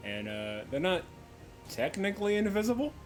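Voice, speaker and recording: A man's voice: sits high, very animated, moderate pace, faint music behind. A man playing a tabletop game, chatting casually and rambling with lots of fillers. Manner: rambling, full of "like". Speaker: player.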